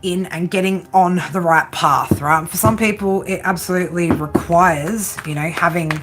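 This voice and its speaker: A woman's voice: fairly low pitch, moderate pace. A woman hosting a casual live-stream tarot reading, chatty and giggly, often ending her lines with "right?".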